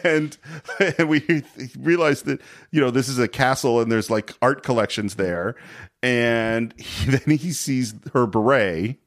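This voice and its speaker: A man hosting a casual film podcast who retells the scenes in an animated, giggly way. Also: medium pitch, a little slow. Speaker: podcast host. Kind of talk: casual film-recap chat.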